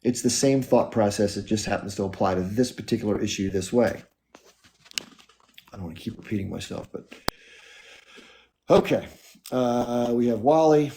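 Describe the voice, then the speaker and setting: Low-voiced earnest male stream host. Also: normal speed, long pauses, low-quality recording. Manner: earnest, reflective, argues calmly. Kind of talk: casual live-stream talk.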